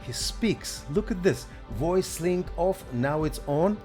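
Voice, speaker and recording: Slow-talking man demoing software. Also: on the high side, faint music behind. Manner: excited, thinking aloud, self-correcting. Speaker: host. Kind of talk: casual software demo.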